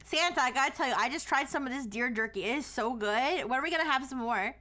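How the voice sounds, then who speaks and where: A woman hosting a casual live stream, blunt and playful in her chat and quick to swear. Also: high voice, pushed and bright. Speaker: streamer host.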